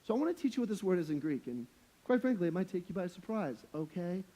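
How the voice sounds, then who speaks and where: A young man with a high voice preaches a sermon to his church. His delivery is casual and slangy, like chatting with friends, with humorous, emphatic punches. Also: very animated, fast talker, mellow. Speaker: pastor.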